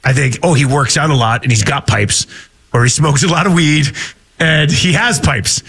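A male radio host with a high voice and a bright, forceful tone. He runs casual on-air banter in an upbeat, joking way, laughing often. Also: normal speed, breathy edge. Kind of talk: casual radio chat and quiz.

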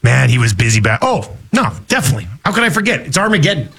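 Animated man hosting a radio show. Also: mid-range voice, vocal fry, husky. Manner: animated, joking, quick asides. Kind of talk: casual radio banter.

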